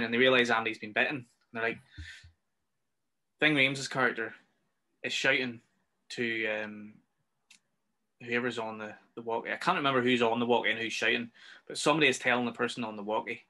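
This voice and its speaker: A man's voice: medium pitch, fairly even intonation, fairly quick, long pauses, bright, forceful tone. A man with a Northern Irish accent co-hosting a casual film review chat, ranting and swearing freely. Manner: ranting, swears freely, acts out scenes in raised voices. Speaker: podcast co-host.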